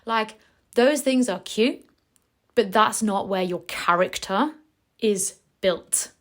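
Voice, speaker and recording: Lady coach doing a pep-talk podcast, emphatic, swears a bit, mid pitch. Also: takes it slowly. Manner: emphatic, energetic, casual swearing. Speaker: podcast host and business coach. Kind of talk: motivational podcast monologue.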